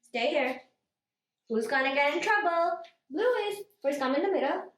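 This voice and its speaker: A young woman films her pet parrot at home for a casual vlog, coaxing and cooing at it in giggly baby talk. Her voice is high, animated and fairly bright at a moderate pace, and the rough recording is reverberant.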